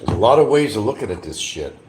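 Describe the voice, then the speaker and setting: A low-voiced man holds forth in a blunt, combative livestream chat. His voice swings widely in pitch and has a dark, mellow tone, with a faint hum of noise behind him. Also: sing-song, fast talker, low-quality recording. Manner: blunt, combative, rambling asides; eating while talking at times.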